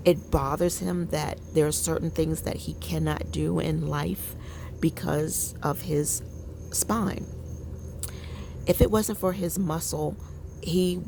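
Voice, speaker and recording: Low gravelly-voiced woman in her fifties. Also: noisy background. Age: 50s. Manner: candid, rambling, confiding. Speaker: vlogger. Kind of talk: casual personal chat to viewers. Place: outdoor deck.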